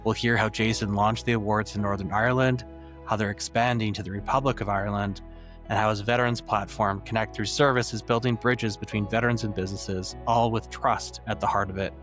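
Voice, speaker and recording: A man's voice: on the low side, fairly even intonation, fairly quick, a bit bright, faint music behind. A man hosting a podcast, reading a polished, upbeat introduction and asking his guest questions. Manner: upbeat, polished presenter delivery. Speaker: podcast host. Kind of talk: scripted intro and interview questions.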